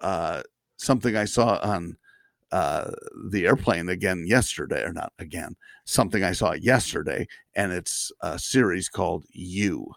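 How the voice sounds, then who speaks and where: Man, low gravelly voice, casual podcast chat, halting restarts, dry sound. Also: a bit bright, no echo. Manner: chatty, halting restarts, frequent laughs. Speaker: podcast co-host.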